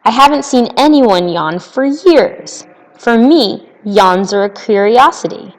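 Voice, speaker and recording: A woman's voice: fairly high pitch, expressive, slow pace. A woman playing a pompous old king. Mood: commanding. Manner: commanding, self-important. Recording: long reverb.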